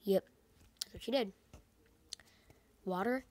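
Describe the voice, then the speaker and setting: A woman's voice: mid-range voice, takes it slowly, a little mellow. A woman casually recapping a movie's plot, rambling with lots of fillers and sarcastic asides. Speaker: movie reviewer.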